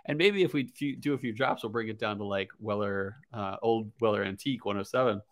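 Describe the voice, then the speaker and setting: A man co-hosting a casual podcast, his voice sitting at an ordinary pitch. He talks in a relaxed way and often stops to find his words. The sound is dry and close, with no room heard around him. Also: brisk, dry recording. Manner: relaxed, hesitant, lots of fillers. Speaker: podcast co-host. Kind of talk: casual chat.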